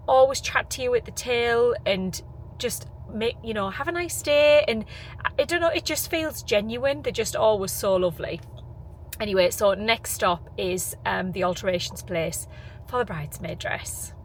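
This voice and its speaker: A woman's voice: on the low side, noisy background. Chatty English woman vlogging. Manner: chatty, rambling, self-deprecating. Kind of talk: casual vlog chat to camera. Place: in a car for some parts.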